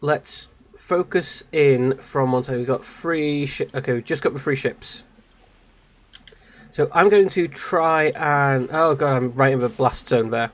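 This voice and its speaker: A man's voice: mid-range voice, a little slow. A man from England with an English accent, casually commenting on his game stream and chatting with viewers. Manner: chatty, laughing at himself, reads chat aloud. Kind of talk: live gameplay commentary. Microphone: streaming microphone.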